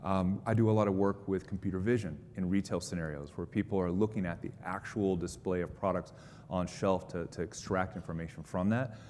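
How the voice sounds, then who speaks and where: A low-voiced man stands before a conference crowd and answers their questions. He explains things in an upbeat, conversational way, and his voice trails off into a long hall reverb over a faint rumble. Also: steady tone, a little fast, darkish tone. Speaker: conference presenter.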